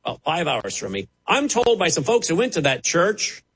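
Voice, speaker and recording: A man delivering a televised sermon, his husky voice sitting a little high. He preaches with passion, his pitch swooping widely between sharp rises and sudden low drops. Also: huge pitch swings, normal speed, poor audio. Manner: impassioned, dramatic rises and drops.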